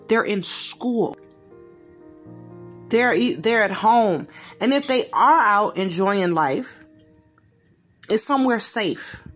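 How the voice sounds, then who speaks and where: A woman giving a blunt reaction rant in slangy, informal speech, repeating phrases for emphasis. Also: a little high. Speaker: commentator reacting to a video.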